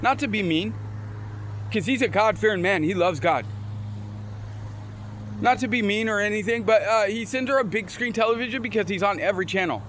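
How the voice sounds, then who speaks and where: A motivational storyteller with a high, fairly bright voice talks a little fast, leaving long pauses, over a slight hiss or hum. He tells his stories casually, rambling, restarting often, and weaving in scripture quotes.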